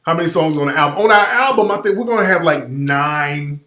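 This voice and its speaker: A man telling profane comic stories in a loud, riffing podcast chat. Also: fairly high pitch, expressive, fairly quick, few pauses. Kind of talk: comedic storytelling on a podcast. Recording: roomy studio echo.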